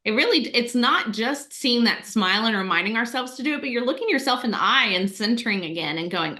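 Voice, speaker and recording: A woman speaking as a webinar guest, explaining things in a clear and upbeat way. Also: on the high side, expressive, fast talker, hardly any pauses, bright, forceful tone. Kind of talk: casual webinar conversation.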